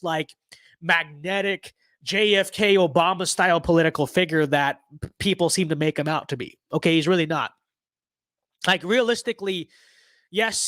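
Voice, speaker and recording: A man's voice: sits high, fairly bright tone, dry recording. A young man with a stuffy nose, giving blunt, sarcastic and rambling political commentary in a casual livestream.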